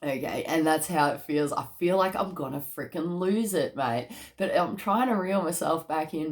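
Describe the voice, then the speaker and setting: A woman doing a casual tarot card reading, chatty and excitable, with casual slang and bursts of laughter. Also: fairly low pitch, moderate pace, hardly any pauses.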